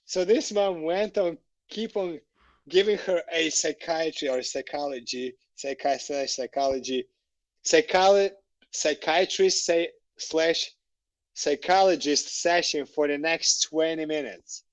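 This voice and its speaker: A man, a podcast guest, telling stories in a casual, animated way, laughing and swearing freely. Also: on the high side, unhurried, no echo, rough recording. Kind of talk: casual storytelling. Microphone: podcast microphone.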